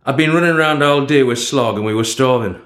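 A man narrating a first-person story in a steady storytelling manner. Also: medium pitch, brisk. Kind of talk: storybook reading. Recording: echoey room.

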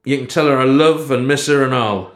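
A man voicing a rough, plain-spoken working-class father, blunt but tender. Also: medium pitch, a little fast, pitched above the performer's own voice, lightly acted. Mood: gruff tender. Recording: roomy echo.

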